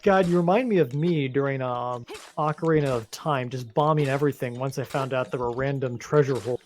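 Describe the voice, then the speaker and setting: Medium in pitch, a little fast and a little mellow, this man co-hosts a let's-play and keeps the gameplay chat relaxed and wry. He tells meandering stories, often restarting mid-thought.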